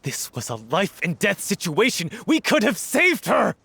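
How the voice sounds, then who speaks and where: Game role: grieving hothead, lively angry delivery. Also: male voice, high voice, unhurried, vocal fry, slight background noise, full character voice. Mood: furious. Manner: shouting, accusing, bitter. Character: grieving hot-headed male troupe actor. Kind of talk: game voice acting. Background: game music.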